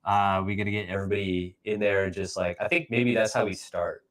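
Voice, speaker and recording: A man's voice: sits low, fairly even intonation, a little fast, fairly bright tone. A young man co-hosting a podcast in casual chat, joking around and swearing freely. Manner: profane joking banter, bursts of laughter. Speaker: podcast co-host.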